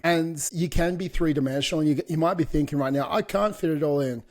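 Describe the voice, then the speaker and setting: A man's voice: fairly high pitch, fast talker, hardly any pauses. A middle-aged man co-hosting a fitness podcast, talking in a blunt, motivational coaching way with some swearing. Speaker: podcast co-host.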